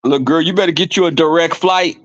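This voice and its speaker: Speaking fairly quickly with a somewhat high voice, a man runs a livestream and banters profanely with viewers. He animates his stories by acting out quoted exchanges, and the audio has a dull, lo-fi quality.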